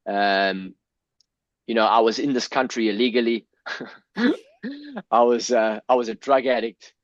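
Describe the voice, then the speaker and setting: A man's voice: mid-range voice, steady tone, unhurried, dry recording. A South African man in his fifties, telling personal stories as a podcast guest, earnest and emotional, with many restarts and some swearing. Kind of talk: candid personal storytelling. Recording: dull, dry lo-fi sound.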